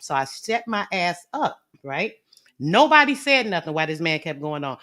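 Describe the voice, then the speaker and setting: A woman tells a story straight to her viewers in an animated, slangy vlog style. Her delivery swings between quiet asides and loud, punchy lines, and she leans hard on emphasis. She sounds casual and unscripted throughout. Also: mid-range voice, fairly quick. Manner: animated, slangy, lively retelling.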